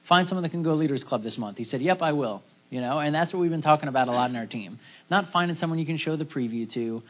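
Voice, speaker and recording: A middle-aged man giving a casual, upbeat motivational talk to his business team, acting out little conversations as he goes. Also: mid-range voice. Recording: slightly dull lo-fi recording.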